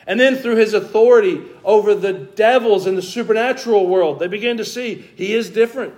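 A man pastor preaching a sermon in a church, slowing down to stress key words as he explains scripture. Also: high voice, darkish tone. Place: church sanctuary.

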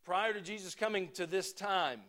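A man preaching a sermon to his congregation, talking in a conversational way that swings between emphatic points and quiet asides. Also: high voice, moderate pace. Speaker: pastor.

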